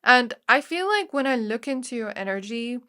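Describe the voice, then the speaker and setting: A woman's voice: fairly high pitch, lively intonation, normal speed, pushed and bright. A woman giving a casual pick-a-card tarot reading, speaking straight to the viewer in a chatty way with many fillers. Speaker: tarot reader.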